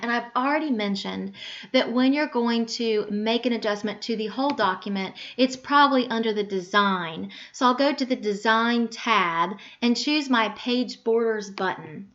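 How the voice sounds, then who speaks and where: A woman with a voice on the high side teaches a screen-recorded software lesson, patiently talking through each click. She corrects her own slips aloud, and the sound is lo-fi.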